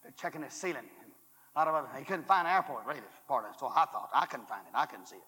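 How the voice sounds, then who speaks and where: A man preaching a fiery revival sermon, booming and shouting at the climaxes, then dropping to hushed asides, recorded in a hall at a 1980s college revival. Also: animated, very fast, husky. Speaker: former church superintendent. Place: college chapel revival service.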